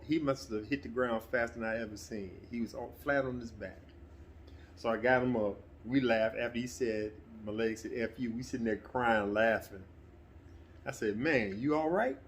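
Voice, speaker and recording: A middle-aged man telling a personal story in a relaxed, conversational way, sometimes getting animated. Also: medium pitch, a little hiss or hum. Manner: relaxed, conversational, breaks into animated quoted voices. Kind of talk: casual spoken anecdote.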